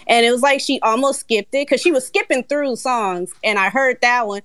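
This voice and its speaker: A woman talking as a guest comic artist in casual chat, animated and laughing often. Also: fairly high pitch, normal speed, smooth, dry recording.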